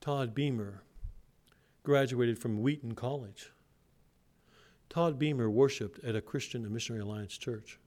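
A man's voice: mid-range voice, unhurried, long pauses, darkish tone. A man pastor delivering a sermon in an earnest, emphatic way.

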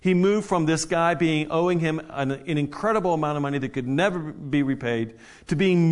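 A man's voice: a little high, moderate pace, few pauses. A man preaching a sermon in a conversational way, with frequent restarts and direct questions to the congregation, growing emphatic at key points. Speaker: pastor.

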